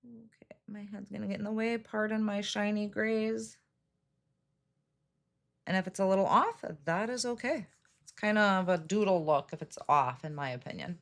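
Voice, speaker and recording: At normal speed and in a mid-range voice, a middle-aged woman hosts a live card-making stream. Chatty and casual, she says hi to viewers by name and laughs at her own mistakes.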